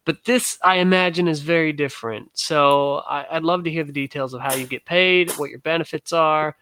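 A man's voice: on the high side, fairly even intonation, moderate pace, pushed and bright, slight background noise. A man hosting an interview, asking curious follow-up questions and affirming the answers. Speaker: podcast host. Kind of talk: casual interview.

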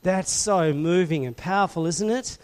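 High-pitched guy preaching, asks the crowd stuff, gets loud then goes soft. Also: normal speed. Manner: passionate, rising to loud emphasis then dropping soft; asks the congregation questions. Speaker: pastor. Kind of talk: sermon.

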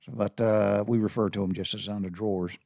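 A man's voice: on the low side, steady tone, fairly quick, vocal fry, a little mellow, dry recording. Folksy Southern man, dry close sound. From Southern United States. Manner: folksy and rambling, with many restarts. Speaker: Navy veteran explaining sailor slang. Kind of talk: casual spoken monologue.

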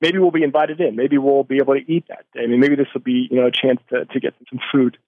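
A man being interviewed, telling his story earnestly and thoughtfully, pausing and restarting as he searches for words. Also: mid-range voice, fairly even intonation, dry recording. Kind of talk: reflective storytelling. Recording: tinny phone line.

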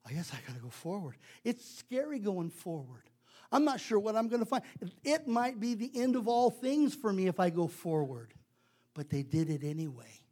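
Male preacher, sermon, conversational, repetitive, emphatic, very high voice. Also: sing-song, normal speed, warm tone.

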